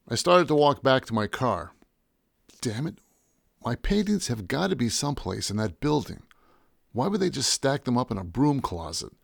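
Guy reading a first person story, gravelly voice, wry deadpan, dry close sound. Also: medium pitch, no room sound. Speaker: audiobook narrator.

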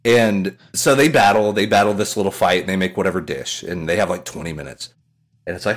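Casting: man, casual podcast co-host, lively pitch, rambling comic retelling with impressions. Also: brisk. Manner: animated storyteller, swears, mimics people with laughter.

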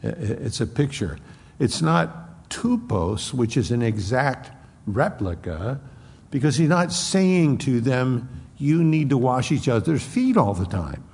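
A man's voice: medium pitch, very animated, unhurried, creaky, a little mellow, husky, in a large hall. A man preaching an expository sermon as pastor, conversational and acting out quoted speech.

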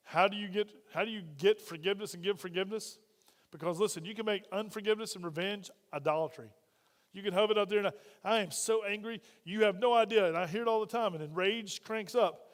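A man's voice: high-pitched, fast talker. A man preaching a conversational sermon as pastor, often putting questions to the congregation. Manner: asks the congregation frequent questions. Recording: long reverb of a church hall.

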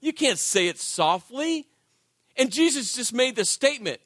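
A man preaching a sermon in church, conversational and animated, often asking the congregation "right?" and swinging from shouted emphasis to soft, intimate delivery. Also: very high-pitched, unhurried, no echo, studio quality. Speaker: pastor.

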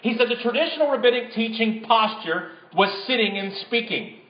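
A man's voice: very high-pitched, lively intonation, normal speed, echoey room, highs cut off. A man preaching a sermon as pastor in a church sanctuary, talking conversationally and then building to emphatic bursts.

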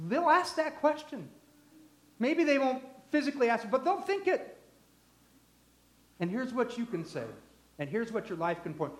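A man preaching a sermon, emphatic, swinging from loud declarations to hushed lines. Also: very high voice, sing-song, moderate pace, pauses often. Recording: echoey room.

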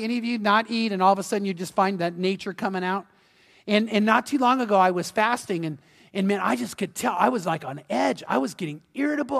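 A male pastor preaching in an animated, conversational way, often restarting his sentences. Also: sits high, creaky. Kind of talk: sermon. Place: church sanctuary. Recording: long hall reverb.

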